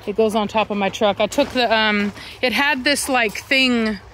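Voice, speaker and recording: A woman with a fairly high voice chats loosely about caring for her dogs. She breaks off to scold and coo at them. Faint outdoor ambience sits behind her. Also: normal speed, a little hiss or hum. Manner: chatty, scolds dogs sharply then coos softly. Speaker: dog breeder. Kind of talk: casual vlog talk to camera and dogs. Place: outdoors in a dog yard.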